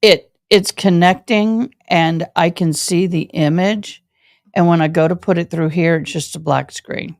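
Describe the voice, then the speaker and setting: Woman live streaming from home, gravelly and slow, chatty with chat, kinda low voice. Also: no echo, studio quality. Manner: chatty, talks straight to her viewers. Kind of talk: casual chat with viewers. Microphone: camera setup.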